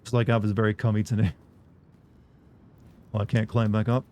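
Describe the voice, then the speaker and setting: A young male streamer with a mellow, dark voice chats with his viewers while he plays. He rambles loosely and jokes around. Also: lowish voice, level tone, brisk, a little hiss or hum. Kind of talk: casual live-stream chatter.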